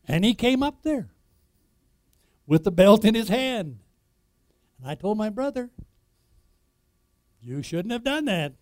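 Emphatic preacher with a mellow voice. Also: male voice, high voice, very animated, slow pace, long pauses. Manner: emphatic preaching with rhetorical questions to the congregation; swings between loud declarations and quiet asides. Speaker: pastor. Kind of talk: sermon.

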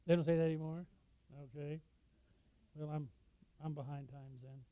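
A man preaching a sermon, reading scripture and explaining it with sudden loud emphasis. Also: a little high, fairly even intonation, normal speed, dry recording, low-quality recording. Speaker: pastor.

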